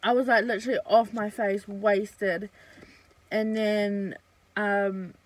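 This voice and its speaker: A young woman vlogging a casual storytime, chatty and blunt, swearing freely and filling pauses with "um" and "like". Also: medium pitch, little pitch movement, poor audio.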